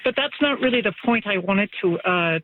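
Male caller, high voice, hesitant, phone line. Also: expressive, moderate pace. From Edmonton. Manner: hesitant, polite. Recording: tinny phone line with noise.

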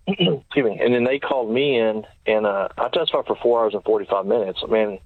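A man tells his story at a brisk clip, packing in dates and quoted exchanges. His voice sits at an ordinary pitch and comes through a tinny, narrow phone line with no room sound around it. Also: no echo. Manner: fast, detailed recounting with quoted dialogue. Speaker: interview guest, former sheriff's deputy. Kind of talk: storytelling in an interview.

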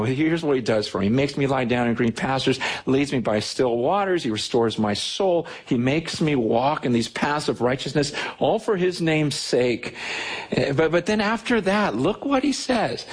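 A man preaching a sermon as pastor, animated and often repeating words as he builds up. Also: husky. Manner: reads scripture slowly and low.

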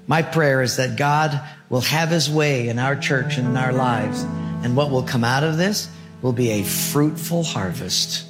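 A middle-aged male pastor preaching a sermon and telling the story with dramatic pauses. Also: medium pitch, over music.

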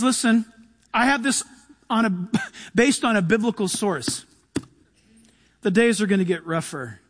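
A man preaching an animated sermon, acting out quoted voices and saying "listen" often. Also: very high voice. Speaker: pastor. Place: church.

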